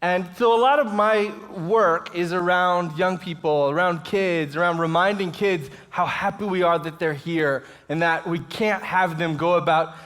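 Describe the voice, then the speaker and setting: A man's voice: sits high, measured pace, few pauses. A man in his thirties, a guest speaker giving an inspirational talk at a church service, telling stories with chuckles. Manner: lively storytelling with chuckles. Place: church auditorium, live audience.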